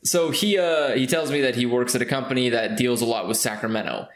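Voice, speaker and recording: A man's voice: medium pitch, a little fast. Rambling man, echoey room. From California. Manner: rambling, with many fillers and restarts. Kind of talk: casual storytelling. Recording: roomy echo.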